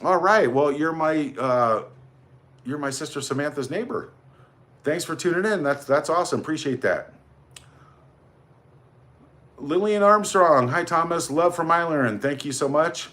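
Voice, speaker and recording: A man's voice: a little high, a little slow, pauses often, a bit bright. A man hosting a casual livestream, rambling and greeting viewers by name as he reads out their comments. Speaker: livestream host.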